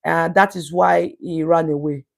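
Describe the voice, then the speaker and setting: Her voice is low and gravelly, fairly even in intonation and measured in pace. In casual live-stream talk, this woman with a Nigerian English accent reads out viewer comments, preaching emphatically and repeating words for emphasis.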